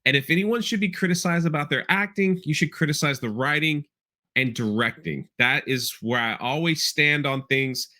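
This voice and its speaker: A man's voice: fairly high pitch, normal speed, pushed and bright. A man hosting a casual podcast, rambling through an episode recap with loose asides and playful character impressions. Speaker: podcast host. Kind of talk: casual chat.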